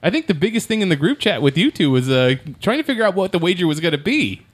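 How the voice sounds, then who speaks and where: A man hosting a casual sports podcast, laughing often and pausing with fillers. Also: sits high, sing-song. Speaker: podcast host.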